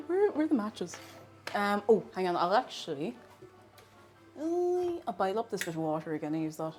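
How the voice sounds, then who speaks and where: A woman live-streaming while she bakes, chatting casually. She bursts into excited squeals and shouts, then drops to soft mumbles and laughs. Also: medium pitch, normal speed, soft background music.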